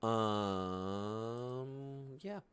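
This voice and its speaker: Guy reacting casually, lowish voice, meandering, hesitant, keeps checking in with tag questions. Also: drawn-out words, clean tone. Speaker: manga reaction host.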